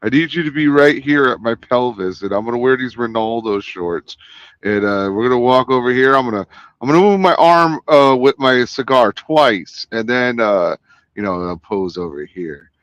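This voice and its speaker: A man's voice: medium pitch, moderate pace, a bit bright, no echo, highs cut off, natural voice. A man doing a light impression of a swaggering male celebrity giving bossy directions. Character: swaggering male celebrity directing his own video shoot.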